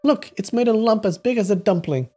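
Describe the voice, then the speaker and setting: A man putting on a baffled, squeaky-voiced wife. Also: lively intonation, brisk, dark tone. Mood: complaining. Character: nagging confused adult wife. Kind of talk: storybook reading.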